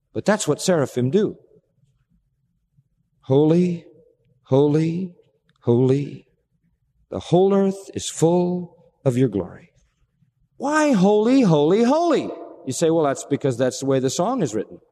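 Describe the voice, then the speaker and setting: Male preacher, fairly high voice, very lively delivery, dramatic swings from loud to hushed, large reverberant church hall. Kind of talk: sermon.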